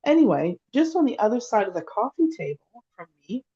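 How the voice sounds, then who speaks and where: A woman's voice: on the high side, big pitch swings, a little fast, mellow, slightly rough, highs cut off. A woman co-hosting a casual chat over a remote call, telling an emotional story in a rambling way with many restarts. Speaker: psychic, podcast co-host. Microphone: remote call microphone.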